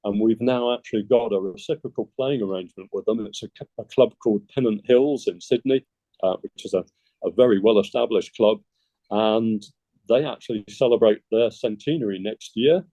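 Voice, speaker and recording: A man's voice: fairly low pitch, mellow, no room sound. A man, a golf club secretary, chatting in an interview and telling easygoing anecdotes. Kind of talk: casual interview storytelling.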